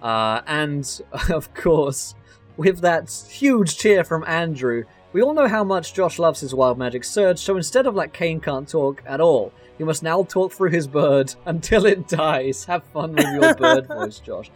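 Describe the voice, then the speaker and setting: A fairly high-voiced man hosts a live tabletop game stream, chatting loosely through the sponsor notes. He laughs often, repeats himself and stumbles over his words. Faint music plays behind him. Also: sing-song, unhurried. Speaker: host and player.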